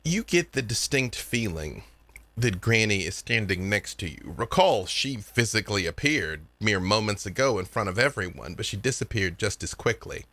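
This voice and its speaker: A man narrating a tabletop horror game as game master, measured and descriptive. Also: fairly low pitch, very animated, sharp tone.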